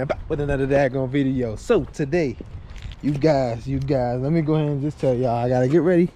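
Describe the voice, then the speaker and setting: A man's voice: medium pitch, fairly even intonation, quick pace, dark tone. A man chatting casually to his viewers, laid-back and slangy, rambling with fillers, recorded outdoors by his car and then inside it. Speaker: car vlogger. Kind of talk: casual vlog chat. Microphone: handheld camera. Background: car engine and street noise.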